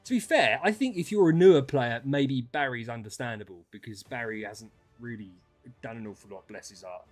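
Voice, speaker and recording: A man streaming casual chat with viewers, ranting and swearing, dropping to mutters and then rising to loud outbursts. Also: medium pitch, lively intonation, fairly quick, soft background music.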